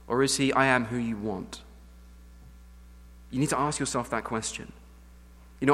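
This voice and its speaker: English guy preaching, earnest, goes quiet then loud, big hall echo. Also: medium pitch, breathy edge. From England. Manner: earnest, emphatic preaching that swings from hushed to loud. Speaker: pastor. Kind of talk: sermon. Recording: long hall reverb.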